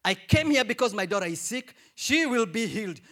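Man playing a stubborn pleading mother, high insistent voice, lively swings, refuses to give up. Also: a little fast, full character voice. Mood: pleading, determined. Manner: pleading, insistent, rising repetitions. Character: desperate, unyielding mother pleading for her sick daughter.

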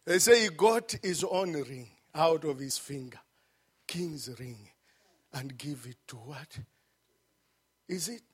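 A man preaching a sermon. He swings from shouted peaks to hushed, low passages and repeats phrases for emphasis. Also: breathy edge.

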